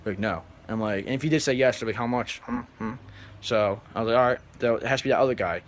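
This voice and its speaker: A man vlogging, telling a story to his viewers in a rambling, animated way and flatly mimicking other people. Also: medium pitch, quick pace, slight background noise. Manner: animated, rambling, acts out others in flat mumbles. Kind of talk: casual storytelling to camera.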